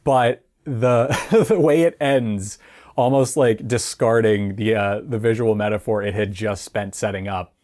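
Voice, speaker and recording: A man's voice: on the low side, fairly even intonation, unhurried, darkish tone. A man giving a casual spoken film review, rambling and chatty with many fillers and frequent laughs.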